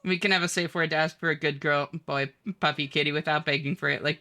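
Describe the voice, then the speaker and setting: A woman's voice: low voice, a little fast, few pauses, pushed and bright. A woman streaming a video game, chatting casually and giggling as she answers her viewers. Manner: chatty, giggly, reads chat aloud. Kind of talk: casual chat with viewers while gaming.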